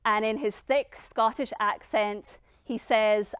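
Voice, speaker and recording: A middle-aged woman giving a dramatic motivational speech as a founder, emphatic and blunt, with long pauses. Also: on the high side, steady tone, clear, resonant tone, no room sound, clean studio sound. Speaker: founder and keynote speaker.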